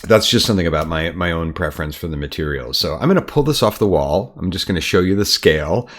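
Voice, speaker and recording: An American man, an artist and art teacher, talking casually to camera in his studio, relaxed and chatty with frequent ums. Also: low voice, quick pace. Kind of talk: casual explanatory talk to camera.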